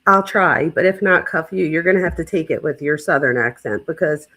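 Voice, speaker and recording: A woman's voice: low-pitched, fairly quick, a bit bright, low-quality recording. A woman with a Philadelphia accent hosting a livestream, reading out viewer comments in a chatty, effusive way. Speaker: livestream host.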